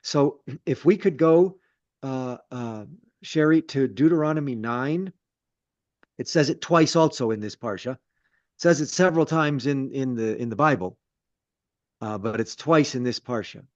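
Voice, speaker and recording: A man's voice: medium pitch, unhurried, dry recording. A man, a rabbi leading a Torah study, teaching conversationally with repeated words and self-deprecating asides. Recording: dull lo-fi sound.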